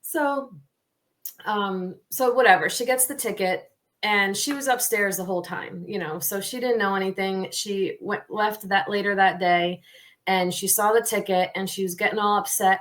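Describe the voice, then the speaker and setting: A middle-aged woman co-hosting a podcast, telling a story in a lively, casual way and laughing often. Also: mid-range voice, normal speed. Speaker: podcast co-host. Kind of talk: casual chat.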